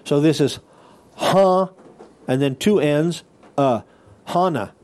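Male teacher, slightly high, mellow voice, patient classroom explainer who restarts phrases and keeps asking "okay?". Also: fairly even intonation, moderate pace. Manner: checks in with listeners often. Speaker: Bible Greek teacher. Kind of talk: classroom lecture.

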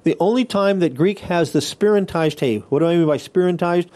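Male teacher, slightly high, mellow voice, patient classroom explainer who restarts phrases and keeps asking "okay?". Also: fairly quick. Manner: checks in with listeners often. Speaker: Bible Greek teacher. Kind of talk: classroom lecture.

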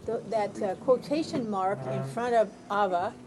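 A woman's voice: mid-range voice, normal speed. A woman student politely asking her teacher a question, hesitating as she finds her words. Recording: distant voice in a noisy room.

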